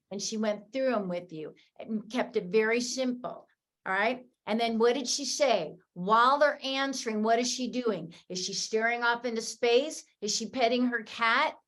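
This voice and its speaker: A woman's voice: a little high, measured pace, a bit bright. A woman hosting a sales training call, recapping tips in an upbeat, encouraging way and talking straight to her audience. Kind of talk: energetic coaching recap.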